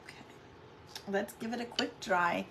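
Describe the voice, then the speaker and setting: A woman's voice: mid-range voice, moderate pace, a bit bright, a little hiss or hum. A middle-aged woman hosting a casual live craft stream at home, chatting with viewers and greeting them by name.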